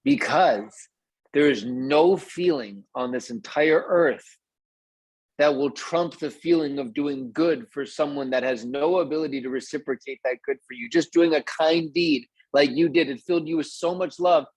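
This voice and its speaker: エネルギッシュに励ます男性の声、乾いた近い音. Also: male voice, a little high, moderate pace, darkish tone, slightly rough, dry recording. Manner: upbeat, encouraging, addresses group directly. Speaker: host of a group coaching call. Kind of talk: motivational coaching talk on a video call.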